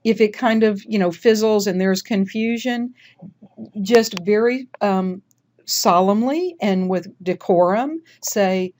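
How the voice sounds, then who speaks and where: A woman teaching how to lead a group oath, speaking in a measured, coaching way with deliberate pauses when she recites. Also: medium pitch, a little mellow. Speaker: honor society instructor. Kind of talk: instructional how-to talk with oath reading.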